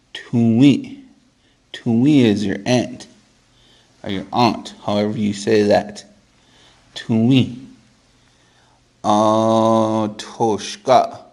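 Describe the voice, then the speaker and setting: A man teaching a casual vocabulary lesson to a camera, repeating each word several times for practice and making relaxed, joking asides. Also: on the low side. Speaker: language teacher.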